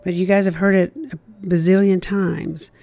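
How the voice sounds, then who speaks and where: A woman's voice: on the low side, flat delivery, moderate pace, vocal fry, mellow, no room sound. A woman giving a casual Christian devotional talk, speaking conversationally and often repeating herself as she acts out an inner accusing voice.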